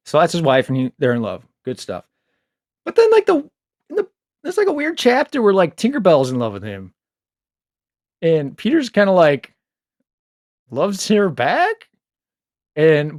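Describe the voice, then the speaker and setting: A young adult man casually reviewing a book, rambling with lots of fillers, a little low on sleep. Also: no room sound, clean studio sound. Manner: rambling, filler-heavy, animated asides.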